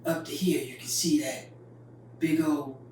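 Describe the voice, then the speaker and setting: A woman's voice: deep voice, steady tone, measured pace, darkish tone. An older woman from North Carolina, telling a story in a folksy, vivid way. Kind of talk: oral storytelling. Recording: very echoey, distant mic, faint noise.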